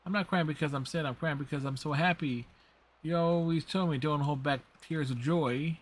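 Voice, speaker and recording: A man's voice: on the high side, normal speed, natural voice. A man voicing a cheerful skeleton who used to be a circus clown, jokey and sentimental in a game reading. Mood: tearful joy.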